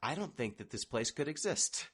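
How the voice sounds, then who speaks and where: A man's voice: medium pitch, sing-song, moderate pace, a bit bright, husky. A man hosting a casual podcast chat about a video game, wry and discursive as he steers the talk. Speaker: podcast host.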